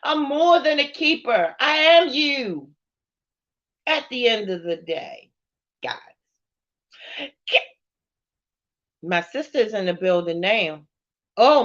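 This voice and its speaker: A woman talking slowly and earnestly to viewers on a live stream, repeating "right?" and turning tearful. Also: fairly high pitch, expressive, a bit bright, highs cut off. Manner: heartfelt, repeating "right?" and names. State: tearful, crying.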